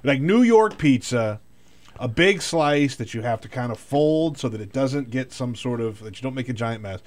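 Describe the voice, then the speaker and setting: A man co-hosting a political talk show, teasing and quick to exclaim. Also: medium pitch, lively intonation.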